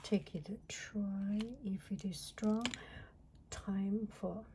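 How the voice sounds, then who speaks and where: Brief: woman, very slow soft half-whisper, unboxing vlog, clicking noise behind. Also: medium pitch. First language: Mandarin Chinese. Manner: soft, often half-whispered, excited exclamations. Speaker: teacher.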